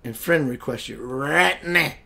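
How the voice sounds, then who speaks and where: His medium-pitched voice is creaky and sharp in tone, and he speaks at a measured pace. Hosting a spiritual web radio show, he chats casually and playfully on the livestream, greeting viewers by name with plenty of laughter.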